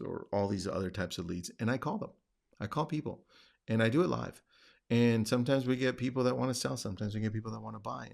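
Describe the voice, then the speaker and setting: A man with a somewhat low voice and a rough, gravelly edge talks casually, like a coach on his own podcast. He keeps it conversational and now and then acts out phone calls in a livelier voice. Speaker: podcast host and real estate coach. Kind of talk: casual talk.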